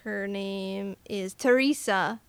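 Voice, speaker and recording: A woman's voice: mid-range voice, slow pace, clear, resonant tone, no echo. A woman co-hosting a podcast in casual chat, recapping a film and acting out the characters' lines. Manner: animated, acts out characters' lines. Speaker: podcast co-host.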